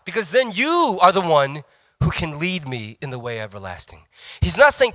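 A middle-aged man preaches with bright, ringing energy, and his voice sits somewhat high. He tells stories in a quick, joking, self-mocking way. The sound is close and dry. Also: big pitch swings, no echo. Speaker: pastor. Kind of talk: sermon.

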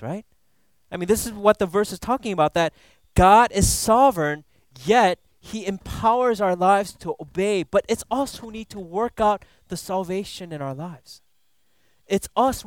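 Preaching a relaxed Bible lesson, this man jokes around, chuckles at his own humor, and keeps adding asides like "you know" and "right?" His high voice is clear with a resonant tone, and there's no room sound.

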